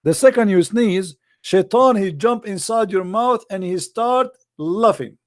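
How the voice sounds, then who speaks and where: Sarcastic and sing-song, a high-pitched man mocks religion, stretching out each quoted word. There's no room sound, and the audio is clean studio quality.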